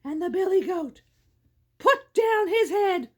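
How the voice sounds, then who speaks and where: High-voiced woman reading a story, joking. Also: animated, takes it slowly, darkish tone. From Canada. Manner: joking, rambling asides. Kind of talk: casual read-aloud storytelling.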